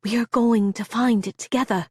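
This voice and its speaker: A scarred woman doctor with a thick country accent presses her warnings in urgent, hushed tones, as an audiobook narrator puts her on. The voice sits higher than the reader's own and is recorded dry and close. She sounds secretive and insistent. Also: steady tone, normal speed, breathy edge, no room sound. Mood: urgent whisper. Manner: loud false cheer, then hushed urgent whispers.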